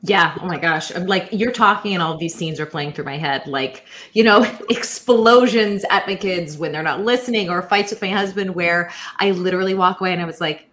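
Woman podcast host, lower pitch, bright and forceful, eager and chatty. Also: moderate pace, hardly any pauses, slight background noise. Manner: enthusiastic, chatty. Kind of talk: podcast interview.

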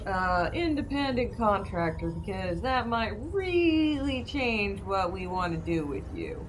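A woman's voice: medium pitch, sing-song, slow, hardly any pauses, slight background noise, low-quality recording. A woman playing a tabletop role-playing game, talking casually and a bit hesitantly. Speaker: player.

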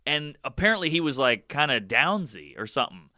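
Bright, smooth-voiced male comic co-host, blunt and profane, dry studio mic. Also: mid-range voice, big pitch swings, no room sound. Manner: quick reactions, blunt and profane, acts out his own past outbursts. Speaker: stand-up comedian, co-host. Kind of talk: casual podcast storytelling.

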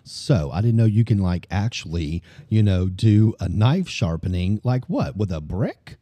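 An animated Cajun man with a Louisiana accent chats as a podcast host. His voice is low and very dark, and his pitch swings widely. The recording is dry and close. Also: measured pace, dry recording. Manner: animated, chatty, talks with his hands. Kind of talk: casual chat.

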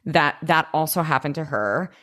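A low-pitched woman co-hosts a casual podcast recap, her voice swooping up and down with lots of lively energy. She talks in quick bursts, swears freely and chats like she's with a close friend. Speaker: podcast co-host. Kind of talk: casual chat recapping a TV episode.

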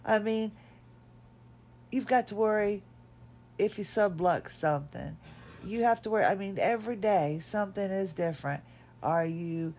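In a darkish mid-range voice, a middle-aged woman hosts her podcast at home with a reflective personal monologue. She sounds weary and emotional, hesitating and restarting many times.

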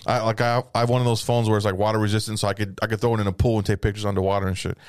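A man's voice: on the low side, little pitch movement, rapid-fire, clean tone, dry recording, clean studio sound. A man telling a comedic story in casual chat, profane and rambling, laughing through his lines. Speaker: podcast storyteller.

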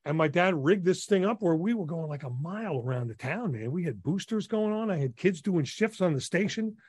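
A man in his sixties from New Jersey, a radio DJ telling stories in an enthusiastic, animated way as a podcast guest. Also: high-pitched, a little fast, slightly rough, dry recording, clean studio sound. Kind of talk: casual interview storytelling.

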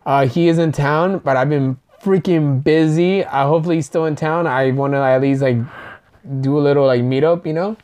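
A woman's voice: low voice, normal speed, dark tone. A young woman hosting a podcast, telling stories in loose, profane casual chat with lots of laughter. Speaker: podcast host.

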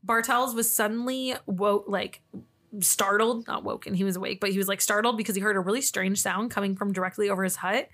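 A woman co-hosting a podcast tells cryptid stories in a casual chat, sounding giggly and loose. Her mid-range voice is fairly even, quick and a bit bright, and she laughs often, trailing off and restarting.

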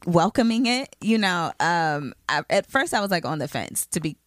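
Candid, low-voiced woman chatting. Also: sing-song, moderate pace, dry recording. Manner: loose and candid, swears, many fillers. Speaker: podcast co-host. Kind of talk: casual chat.

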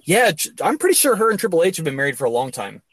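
A man hosting a crude, casual comedy podcast chat, now and then bursting into mock sports-announcer shouting. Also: a little high, big pitch swings, racing, breathy edge, dry recording. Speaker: podcast host.

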